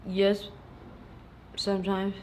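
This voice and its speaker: A woman's voice: mid-range voice, completely flat delivery, takes it slowly, a little mellow. A woman giving short, blunt answers in a street interview.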